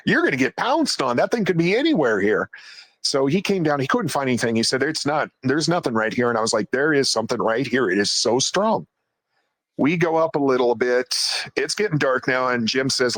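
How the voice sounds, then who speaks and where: A man's voice: mid-range voice, no room sound. A man casually recounting a night in the woods, jumping into quoted voices as he goes. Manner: animated retelling, acts out quoted voices. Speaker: guest storyteller. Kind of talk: casual storytelling.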